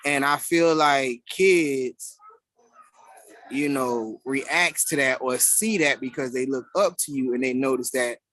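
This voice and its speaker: A man's voice: medium pitch, slow, fairly bright tone, no echo. A father on a video call in a casual group discussion, speaking hesitantly and searching for words.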